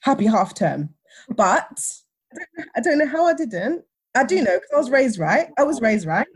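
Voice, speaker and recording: A woman, telling a personal story in a casual chat with lively, acted-out retellings. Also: on the high side, moderate pace, husky. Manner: animated, acts out others' lines. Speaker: podcast guest, teacher.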